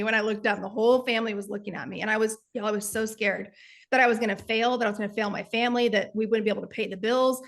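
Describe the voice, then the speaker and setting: A Texan woman, a sales coach appearing as a guest, tells motivational stories earnestly and emphatically, calling her listeners "y'all." Her voice is a little high and her pace is quick.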